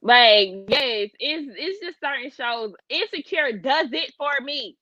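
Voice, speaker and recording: A woman's voice: high-pitched, slow, no echo, dull audio. A woman co-hosting a casual live chat, talking to her viewers with big emotional swings. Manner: animated, emotional, talks to viewers as y'all. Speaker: co-host.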